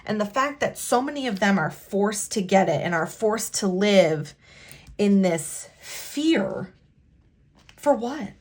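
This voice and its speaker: A woman vlogger talking in a halting, emotional way while working on her planner at a home desk. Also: medium pitch, animated. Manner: halting, emotional, many restarts. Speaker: planner vlogger and immigration attorney. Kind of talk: casual talk while decorating a planner.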